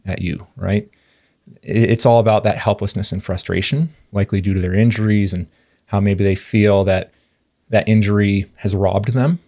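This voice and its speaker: A man's voice: on the low side, warm tone. A man, a physical therapist in his thirties, talking through patient experiences in a thoughtful, earnest podcast monologue with frequent fillers and restarts.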